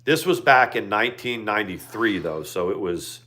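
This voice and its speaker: Livestream co-host, man in his fifties, low-pitched, loose rambling delivery. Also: lively intonation, moderate pace, sharp tone. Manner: rambling, with many fillers. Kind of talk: casual chat.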